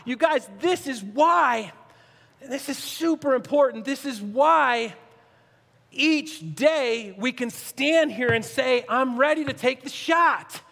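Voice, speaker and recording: A male pastor preaching a sermon with earnestness, swinging from near-shouts to hushed, low asides. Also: measured pace, creaky. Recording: long reverb, echoey hall.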